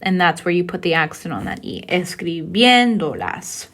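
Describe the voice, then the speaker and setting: A woman's voice: fairly low pitch, expressive, fast, fairly bright tone. Patient woman teaching a recorded lesson. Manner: patient, explanatory, checks in with "okay?". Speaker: Spanish teacher. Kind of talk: recorded lecture.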